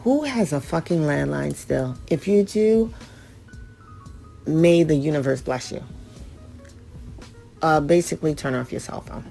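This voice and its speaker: A woman's voice: low-pitched, expressive, measured pace, vocal fry, long pauses, mellow, faint music behind. A woman hosting a radio show, reading out ritual steps and breaking off for blunt, profane, joking asides.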